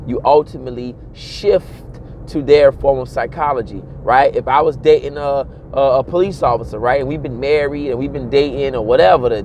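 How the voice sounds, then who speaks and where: A man, giving a casual, animated monologue and mimicking other people's voices along the way. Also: medium pitch, slight background noise. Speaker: commentator.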